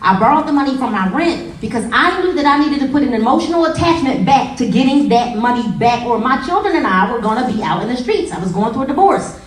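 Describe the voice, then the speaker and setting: A woman giving a humorous, animated motivational talk to a live audience, telling stories with acted quotes. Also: sits high, fast, hardly any pauses. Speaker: motivational speaker. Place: meeting room with an audience. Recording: echoey room, voice from a distance, faint crowd.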